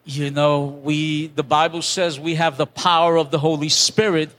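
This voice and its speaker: A man's voice: fairly high pitch, level tone, normal speed, a bit bright. An older man, a pastor, preaching a sermon as a conversational testimony, with restarts and acted-out quotes.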